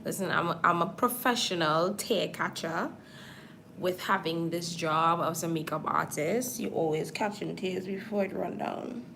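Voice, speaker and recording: Talking directly to her livestream viewers as she puts on false lashes, this chatty makeup artist speaks at a measured pace. Her voice sits on the low side, creaky yet fairly bright, with slight background noise.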